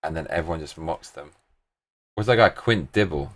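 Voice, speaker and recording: A man's voice: very deep voice, lively intonation, moderate pace. A British man hosting a live stream, rambling casually with plenty of swearing and slang.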